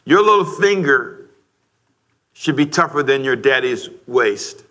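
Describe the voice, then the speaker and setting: A middle-aged man preaching a sermon to a congregation, lively and joking, rising to shouts. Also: mid-range voice, a little fast. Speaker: pastor. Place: church sanctuary before a congregation.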